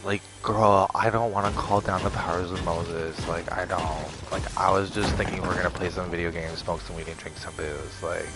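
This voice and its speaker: A young man casually telling a story to the camera, animated, quoting others in a raised voice, with laughs and swearing. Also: deep voice, moderate pace, hardly any pauses, music in the background. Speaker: vlogger.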